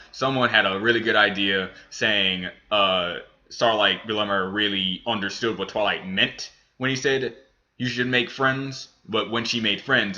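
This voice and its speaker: A man's voice: fairly low pitch, pushed and bright, dull audio. A man hosting a reaction video, reviewing a cartoon episode in a rambling, casual way with many restarts. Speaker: reaction channel host.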